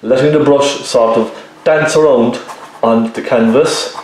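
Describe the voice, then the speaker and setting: A man giving a relaxed painting tutorial, talking viewers through each step and often checking in with them as he works. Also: medium pitch, measured pace, a little hiss or hum. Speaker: painting teacher. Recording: very echoey room.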